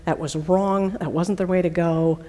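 A humbled older man, voiced by a woman preacher confesses in a low, solemn hush. The hall's long reverb lingers under each line. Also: steady tone, normal speed, close to an everyday voice. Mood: remorseful.

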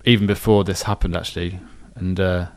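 A man with a very low voice talks quickly in a relaxed podcast chat. He rambles a little, restarts sentences and corrects himself on the fly, keeping a casual, chatty flow. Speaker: podcast co-host.

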